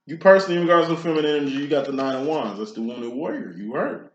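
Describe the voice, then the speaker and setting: A man's voice: medium pitch, sing-song, fast, hardly any pauses, fairly bright tone. A man giving a casual tarot reading, talking in a blunt, profane, preachy way. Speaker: tarot reader. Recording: echoey room, dull lo-fi sound.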